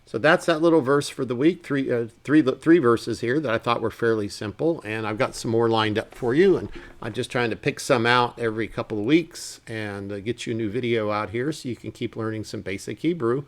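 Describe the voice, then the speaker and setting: A man teaching a casual Bible Hebrew lesson, reading verses slowly and then explaining them in relaxed asides. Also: medium pitch.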